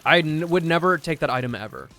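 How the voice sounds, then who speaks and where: A man's voice: a little high, lively intonation, fast talker, fairly bright tone, faint music behind. A young man chatting casually on a gaming livestream, laid-back, reading chat aloud as he plays. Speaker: streamer.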